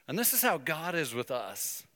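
A man preaching a sermon, telling a story and breaking into emphatic, animated bursts. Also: a little high, normal speed, big-room sound. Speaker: pastor.

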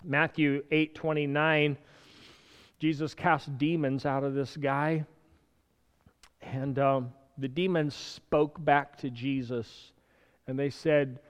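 A man preaching a sermon in an animated way, swinging from loud, urgent bursts to quiet asides, with the odd chuckle. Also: mid-range voice, slow, pauses often, smooth, in a large hall, highs cut off.

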